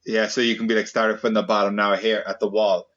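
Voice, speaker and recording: A man hosting a casual comedy podcast, peppering his friends with quick playful questions. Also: lowish voice, level tone, fairly bright tone, dull audio. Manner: playful, quick questions, jumps into silly voices. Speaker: podcast host.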